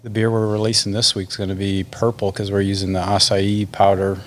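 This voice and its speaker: A laid-back man speaks as a podcast guest about his brewery. His voice sits low, and he often restarts his sentences. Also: little pitch movement, fairly quick. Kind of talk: casual interview chat.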